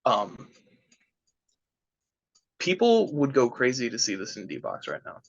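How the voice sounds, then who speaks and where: A man's voice: medium pitch, wildly swooping pitch, slow pace, vocal fry, dry recording. A young man co-hosting a podcast in casual chat, thoughtful and easygoing, often restarting his sentences. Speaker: podcast co-host. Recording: dry, slightly dull sound.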